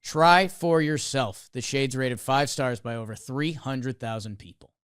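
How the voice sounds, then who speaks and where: A man co-hosting a sports podcast, animated and excitable, with lots of fillers, also reading an ad. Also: medium pitch, measured pace, clean tone, no echo, studio quality. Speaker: podcast co-host. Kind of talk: energetic sports recap and ad read.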